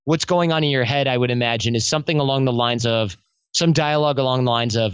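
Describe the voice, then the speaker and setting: Male podcast guest, casual and animated storyteller, slangy; muffled, dry recording. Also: mid-range voice, quick pace, clear, resonant tone, no room sound. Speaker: podcast guest, self-development coach. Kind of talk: casual conversational interview.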